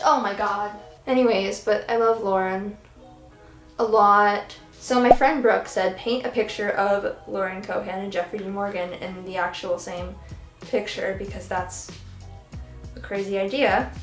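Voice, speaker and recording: A young woman vlogger chatting casually while she paints, rambling and giggly, filling her talk with "like". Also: mid-range voice. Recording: echoey room with soft background music.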